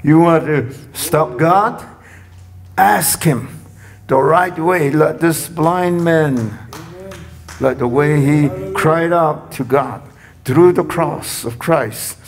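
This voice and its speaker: A man preaching a sermon, repeating phrases and rising to loud cries when he quotes. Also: on the high side, extremely slow. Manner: repetitive, rising to shouts when quoting.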